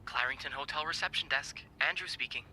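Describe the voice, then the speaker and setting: An actor playing a friendly young male hotel receptionist in a game, joking and slipping into a hushed, conspiratorial whisper. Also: mid-range voice, brisk, very noisy, close to an everyday voice. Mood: playful.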